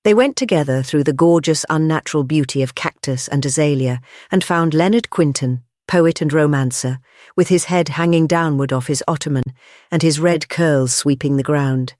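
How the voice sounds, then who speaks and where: Audiobook reader, measured classic-story narration, dead dry studio sound. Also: mid-range voice, a little mellow, no room sound. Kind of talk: scripted narration.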